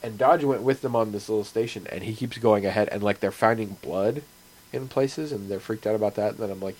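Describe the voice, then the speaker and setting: In a casual podcast chat, a game master who also hosts the show rambles about his week and his game, leaning on fillers. He speaks fairly quickly in a fairly low, slightly mellow voice, captured in a low-quality recording.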